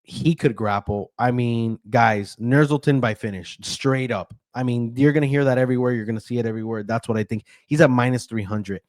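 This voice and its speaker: A man rattles through fight odds and picks in a loose, chatty way, filling gaps with ums and tripping over hard names. His pitch sits mid-range for a man. The recording is dry and close, with no room sound. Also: a little fast, hardly any pauses, darkish tone, no room sound. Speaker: betting analyst host. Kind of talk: casual betting breakdown.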